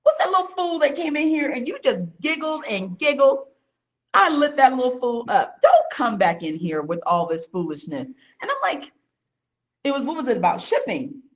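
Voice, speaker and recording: A woman business owner chatting casually on camera beside her husband, a blunt and lively storyteller. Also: sits high, moderate pace. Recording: dull lo-fi sound.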